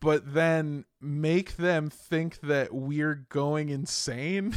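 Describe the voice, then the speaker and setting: A young man tells long, rambling stories on a podcast, laughing often and swearing now and then. His voice sits a little high and sounds smooth and clear. The studio mic is close and dry. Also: extremely slow, no echo. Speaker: podcast guest. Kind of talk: casual chat.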